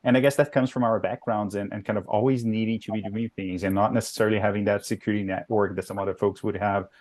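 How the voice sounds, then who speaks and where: A man on a panel, energetic and fluent, hedging his lines with "kind of" and "really". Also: on the low side, fast talker. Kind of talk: panel discussion.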